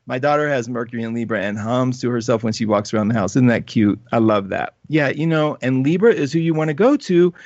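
A man hosting a live astrology talk show, reading viewer comments in an animated, chatty way and laughing often. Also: medium pitch, brisk, few pauses, dry recording, lo-fi sound.

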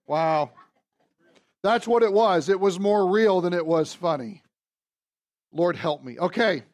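A man preaching a sermon to a congregation, moving between loud emphatic lines and quiet asides. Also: high-pitched, expressive, slow pace. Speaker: pastor. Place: church.

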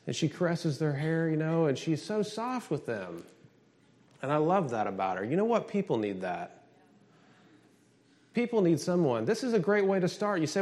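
A man preaching with lively emphasis, his voice sitting a touch high for a man. He asks the congregation questions and answers them himself. He swings between loud, punchy lines and softer, quieter ones. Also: moderate pace. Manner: emphatic, animated preaching with call-and-response questions. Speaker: pastor. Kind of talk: sermon.

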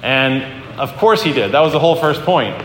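A man's voice: medium pitch, lively intonation, moderate pace, a bit bright, a little hiss or hum. Man preaching in an echoey hall. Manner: earnest, conversational preaching with frequent restarts. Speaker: pastor. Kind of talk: sermon. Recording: echoey hall with faint ambience.

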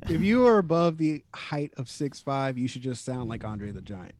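A man's voice: mid-range voice, normal speed, a little mellow. A man, co-hosting a casual podcast, joking and laughing with playful asides. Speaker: podcast co-host. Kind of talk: casual chat.

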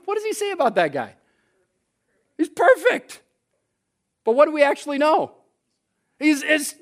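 A man preaching a sermon, telling a story with lively asides to the congregation and sudden bursts of raised voice. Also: high-pitched. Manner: animated storytelling, rises to shouts; conversational asides to the audience. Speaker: pastor.

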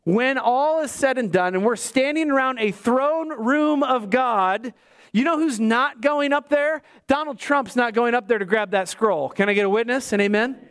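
A man with a notably high voice preaches in a church. His delivery swings between emphatic peaks and quiet low drops. He throws in wry jokes to the congregation. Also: moderate pace, smooth. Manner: lively preaching, rising to emphatic highs and dropping low; joking asides to the congregation. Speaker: pastor. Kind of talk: sermon.

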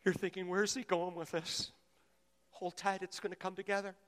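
High-voiced pastor preaching in a big hall. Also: male voice, level tone, normal speed, fairly bright tone. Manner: preaching with rising intensity, calling on the audience. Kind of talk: sermon. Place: large auditorium.

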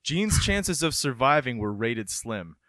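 A man's voice: medium pitch, measured pace, no echo, clean studio sound. A man co-hosting a podcast, reading a news story aloud and chatting animatedly. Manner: animated, laughs often. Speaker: podcast co-host.

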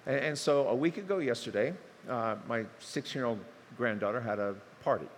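An older man preaching a sermon, telling stories in a lively, conversational way, acting out dialogue with humor. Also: medium pitch, fairly quick, a little hiss or hum. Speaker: pastor. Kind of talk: sermon storytelling. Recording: long hall reverb, faint ambience.

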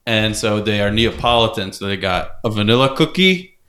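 A man co-hosting a podcast in casual chat, playful and animated, now and then slipping into silly voices. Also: fairly low pitch, moderate pace. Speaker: podcast co-host.

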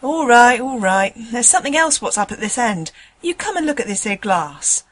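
A woman's voice: fairly high pitch, big pitch swings, moderate pace. A woman doing a rambling tram conductor. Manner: rambling, indignant, folksy dialect. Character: chatty working-class male tram conductor, middle-aged.

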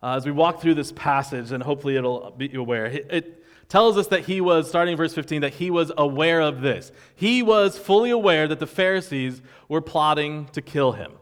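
A man's voice: a little high, a little fast, long reverb tail. A man preaching a sermon in a conversational, wry way, walking through a passage. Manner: conversational, wry, acts out quoted voices. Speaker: pastor.

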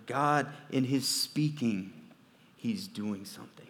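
A man preaching a sermon as pastor, swinging from quiet, low asides to loud, emphatic peaks. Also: a little slow. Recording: long reverb of a large hall.

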